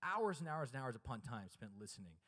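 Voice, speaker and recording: A man delivering a chapel sermon, shifting from hushed, low passages to loud, high, emphatic preaching and calling on the audience to answer. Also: sing-song, brisk, big-room sound. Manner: asks the audience questions and urges them to answer. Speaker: chapel speaker. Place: college chapel.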